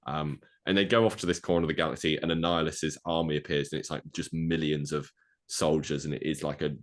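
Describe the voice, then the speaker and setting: A man co-hosting a podcast, rambling through a movie plot pitch with lots of fillers and acted-out quotes. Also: steady tone, fast talker. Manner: rambling, filler-heavy, acts out quoted lines. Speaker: podcast co-host.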